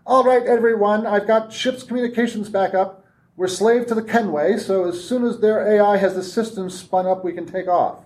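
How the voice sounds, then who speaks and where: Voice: medium pitch, steady tone, moderate pace, a little mellow, pitched above the performer's own voice, natural voice, rough recording. A man reading aloud and voicing a hijacker who makes commanding announcements over a ship's speakers.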